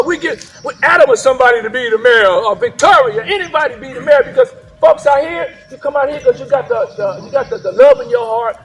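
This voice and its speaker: A man giving a fiery protest speech outdoors at a rally, often shouting and repeatedly asking the crowd "right?". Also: very high voice, brisk, hardly any pauses. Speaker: protest speaker.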